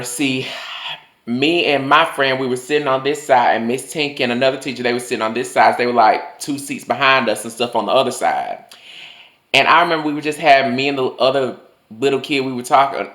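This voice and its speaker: A young man telling a storytime vlog, loose and profane with lots of fillers, breaking into loud high mocking outbursts. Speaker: vlogger. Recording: roomy echo.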